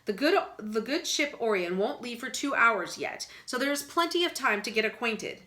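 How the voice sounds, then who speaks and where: A woman voicing a jovial, smooth-talking male lawyer with a theatrical, hearty manner, in a read-aloud storybook. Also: on the high side, expressive, moderate pace, bright, forceful tone.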